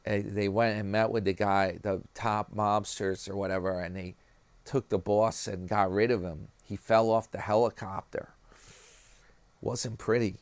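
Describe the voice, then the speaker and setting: A man with a New York accent talks straight to his viewers in a loose, rambling commentary vlog, tossing in "man" and "guys" as he goes. His voice sits a little low, and the recording is close and dry with no room sound. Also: level tone, measured pace, no room sound. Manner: chatty, rambling, peppers talk with "man" and "guys". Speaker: YouTube commentary vlogger.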